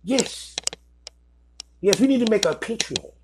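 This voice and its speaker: A man's voice: high-pitched, lively intonation, unhurried, background noise, voice pushed up. A man putting on a mock English accent to play a smug, scheming male startup founder who drops British slang. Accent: put-on English. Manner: plummy British slang, mocking.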